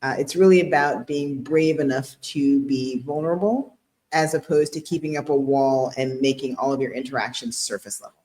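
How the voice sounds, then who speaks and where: A woman's voice: extremely low pitch, normal speed, darkish tone. A woman co-hosting a podcast as a relationship therapist, talking earnestly and explaining things in casual chat, often breaking into giggles.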